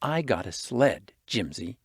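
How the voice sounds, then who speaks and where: A man's voice: lowish voice, big pitch swings, a little slow, breathy edge, no room sound, clean studio sound, full character voice. Man doing a sulky street urchin boy. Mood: sulky, envious. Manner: grudging, slangy mumble.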